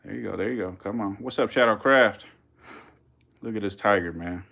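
A man giving casual live-stream commentary as a reptile keeper, chatty with viewers, swearing and getting excited. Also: on the low side, moderate pace, creaky.

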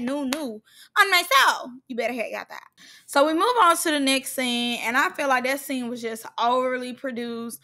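A young woman giving a sassy, shady recap of a reality show, mocking the cast. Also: high voice. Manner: sassy, shady, animated, mocks cast members in put-on voices.

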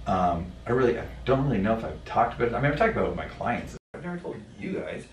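A man telling a personal story in a podcast conversation, blunt and profane, halting with many fillers. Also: on the low side, expressive, a little hiss or hum. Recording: roomy sound from a distant mic.

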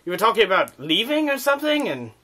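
A man's voice: high-pitched, sing-song, quick pace, sharp tone, full character voice. A man voicing a crude, cheeky crocodile guest on a comedy vlog, with a put-on Australian accent and mock-offended banter.

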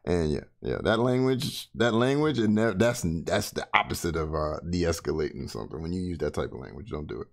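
A man's voice: sits low, lively intonation, a little fast, gravelly, hardly any pauses. A man giving blunt, sarcastic casual commentary, swearing freely and keeping his voice down. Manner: talks softly. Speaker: reaction commentator.

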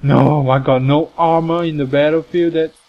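Excitable young man yelling at a game. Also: a little high, normal speed, highs cut off. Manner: excitable, swears and yells at the game. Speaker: gaming youtuber. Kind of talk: let's play commentary. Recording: home mic with clear background noise.

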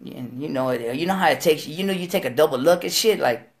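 Male guest, storyteller type, slangy and profane, swings his pitch around, rough fry in the voice. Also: fairly quick. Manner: animated, profane street slang, acts out quoted voices. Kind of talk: storytelling interview.

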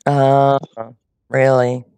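A woman's voice: rumbling low, monotone, very slow, dark tone, clean tone, no echo. A woman baiting a scammer on a phone call, sarcastic and patronizing, scolding him. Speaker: scam baiter.

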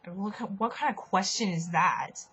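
A woman's voice: mid-range voice, moderate pace, a bit bright, slightly rough. A woman casually telling a rambling story, full of fillers and giggles, recorded on dull lo-fi audio.

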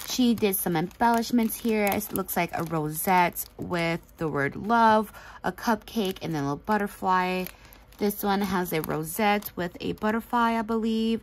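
A woman's voice: mid-range voice, fairly bright tone, rough recording. Lady gushing over craft mail, chatty, laughs a lot, faint hiss. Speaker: craft channel host. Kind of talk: casual craft mail unboxing.

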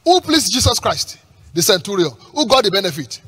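Male pastor, high husky voice, lively swooping delivery; emphatic sermon with call-and-response and shouts. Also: fairly quick. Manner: emphatic preaching with call-and-response questions and repeated words; breaks into shouts at peaks.

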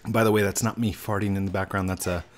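A young man hosting a game channel, reacting excitably and laughing often while he plays. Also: sits low, quick pace, a little hiss or hum. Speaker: gamer, channel host. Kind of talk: casual gameplay chat.

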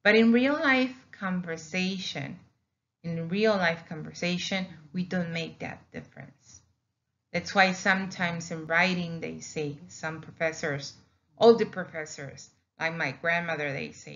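A woman talks through a recorded language lesson at an unhurried pace, her voice sitting a little low. She repeats key words patiently to make them stick. The recording sounds dull and lo-fi. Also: a bit bright. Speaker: Spanish teacher. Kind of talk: recorded slideshow lecture.

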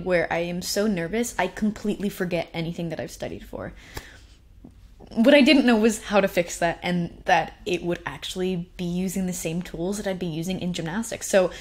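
A woman's voice: fairly low pitch, a little fast. A young woman telling a personal story at a conference, chatty and self-deprecating, often laughing. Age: young adult. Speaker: conference speaker.

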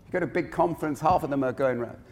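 A man giving a conference keynote in an animated, conversational way, with frequent digressions. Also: a little high, racing. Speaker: keynote speaker. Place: large conference hall. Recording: long reverb of a conference hall.

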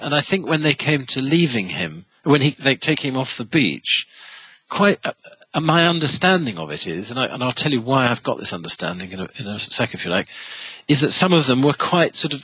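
Give me a husky man recounting history in a podcast interview, with lots of restarts. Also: medium pitch, pushed and bright, no echo, dull audio. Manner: rambling, many restarts and fillers. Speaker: historian guest. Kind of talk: podcast interview, storytelling answer.

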